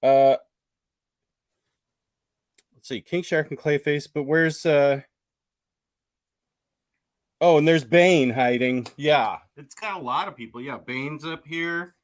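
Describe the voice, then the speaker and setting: Slow, chuckling male host. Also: fairly high pitch. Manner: laid-back, chuckling, halting with fillers. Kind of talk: casual chat.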